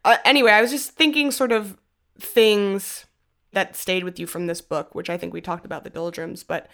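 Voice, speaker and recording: A woman co-hosting a casual book podcast, chatty and quick to laugh, asking her co-host questions. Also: medium pitch, fairly even intonation, fairly bright tone.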